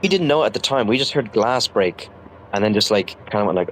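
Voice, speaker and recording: A man's voice: lowish voice, lively intonation, slight background noise, low-quality recording. A young man casually telling a story from his school days, rambling with lots of fillers and restarts. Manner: rambling, halting, full of fillers.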